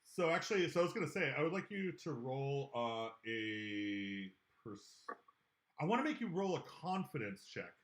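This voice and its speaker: A man running a tabletop game as game master, animated and swearing freely. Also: on the high side, reverberant. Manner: animated, swearing, quick to laugh.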